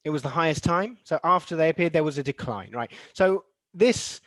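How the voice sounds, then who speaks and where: A man's voice: on the high side, lively intonation, fairly quick, fairly bright tone, dry recording. A man leading an online lesson for teachers, reading replies from the chat, asking the class questions and saying example sentences aloud to show word stress. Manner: many fillers and restarts, models stress patterns aloud.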